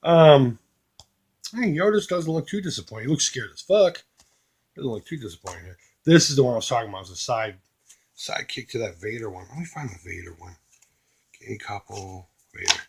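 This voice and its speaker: Husky crude collector showing his haul. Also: on the low side, lively intonation. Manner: crude, joking, does quick mocking voices for pictures. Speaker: retro collecting YouTuber. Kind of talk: casual unboxing commentary.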